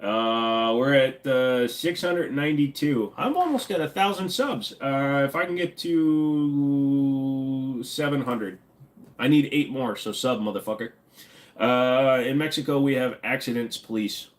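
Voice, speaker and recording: A man's voice: mid-range voice, a little slow. A retired man from the United States, hosting a casual livestream, joking while reading chat aloud. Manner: joking, reading chat, slipping into silly voices. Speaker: livestream host.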